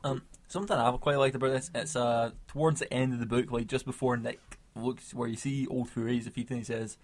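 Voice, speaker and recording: A man's voice: mid-range voice, steady tone, fairly quick. A man co-hosting a comic podcast, chatting casually, rambling and laughing as he spins out comic tangents. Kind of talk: casual chat.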